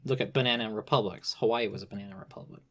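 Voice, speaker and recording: A man's voice: on the low side, steady tone, racing, a bit bright. A young man talking casually on a podcast, rambling with many restarts and "you know" fillers. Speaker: podcast guest expert.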